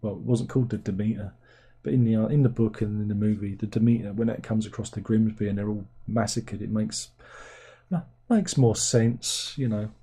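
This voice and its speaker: A man talks casually into a desk mic on a livestream, rambling and sardonic, jumping now and then into high incredulous exclamations. His voice sits mellow and dark in tone. There is a soft, husky grain to it. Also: steady tone, fairly quick. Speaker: livestream host reading chat. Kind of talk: casual chat.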